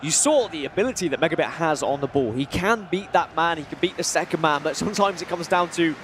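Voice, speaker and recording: High-voiced male color commentator. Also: animated, fast, a bit bright, a little hiss or hum. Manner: analytical, chatty. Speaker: esports co-commentator.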